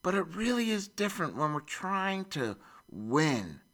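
A man in his forties telling a personal story in an animated way, with frequent repeats and restarts. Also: sits high, measured pace. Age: 40s.

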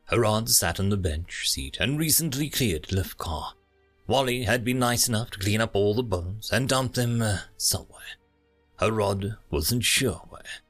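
A man narrating an audiobook in an expressive storytelling manner. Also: on the low side, measured pace, soft background music.

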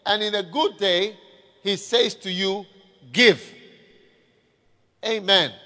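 A man preaches a sermon in a high voice and keeps calling out to his listeners for an answer. His words hang in a long reverb from a large hall. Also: measured pace, pushed and bright. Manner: calls for audience response. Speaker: pastor.

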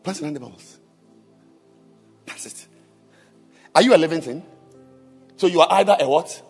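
A man preaching a sermon to a congregation, firing rhetorical questions at them, quizzing them and breaking into shouts and sing-song emphasis. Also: on the high side, moderate pace, husky, faint music behind. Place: church with congregation.

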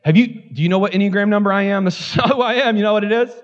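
High-voiced, animated male pastor preaching. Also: rapid-fire, highs cut off. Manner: animated preaching, swinging from loud exclamations to low asides. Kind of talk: sermon.

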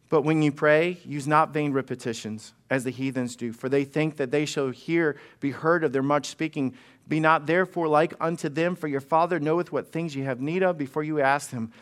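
A man's voice: fairly high pitch, steady tone, moderate pace, smooth. A male pastor preaching a sermon in a conversational, humorous way, often restarting and repeating words. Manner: conversational, frequent restarts and repetitions; humorous storytelling.

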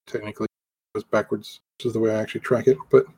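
A man running a tabletop game as game master, talking in a relaxed way with many fillers. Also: lowish voice, fast talker, slightly rough.

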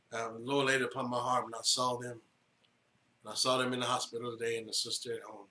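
A man's voice: medium pitch, bright, forceful tone, roomy sound, a little hiss or hum. A male pastor preaching a sermon, building emphasis through rhythmic repetition.

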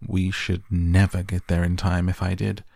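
A man voicing an eccentric, excitable candy-factory owner who talks briskly and impatiently in a storybook reading. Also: deep voice, vocal fry, no room sound, studio quality.

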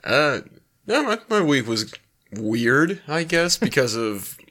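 A man co-hosting a casual comedy podcast, tired and hungover, giving low-key dry replies. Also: very animated, slow, sharp tone. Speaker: podcast co-host.

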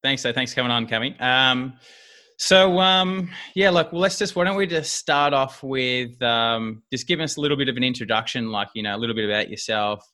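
Bright, chatty podcast host. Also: male voice, mid-range voice, fairly quick. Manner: chatty and upbeat, with many fillers. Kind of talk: casual podcast interview.

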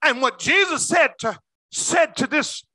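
A male preacher takes his time with a sermon delivered in a high, bright voice, moving from booming shouts to near-whispers as he calls to the congregation. The close, dry recording has no room sound.

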